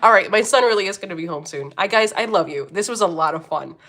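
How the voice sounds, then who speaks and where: A woman's voice: medium pitch, lively intonation, fast talker, fairly bright tone. A woman in her forties from Philadelphia with a Philly accent, hosting a casual livestream, reading comments, laughing often and swearing freely. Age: 40s. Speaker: livestream host.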